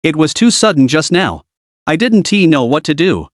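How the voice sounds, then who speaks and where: A man reading a soft-spoken pleading young man. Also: on the high side, big pitch swings, moderate pace, dry recording, clean studio sound. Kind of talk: scripted recap narration.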